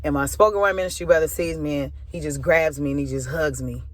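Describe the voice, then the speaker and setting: A woman's voice: low voice, steady tone, quick pace, no echo. Woman, spoken word minister, candid personal storytelling, casual fillers, close dry sound. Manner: casual, loose, lots of "or whatever" fillers; candid, emotional retelling.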